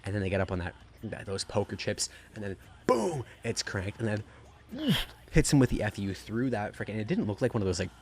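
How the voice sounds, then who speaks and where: A man with a deep, low-pitched voice rambles through a wrestling review. He talks in an excited, casual way and swears freely. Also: a little fast. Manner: profane, rambling, gushing.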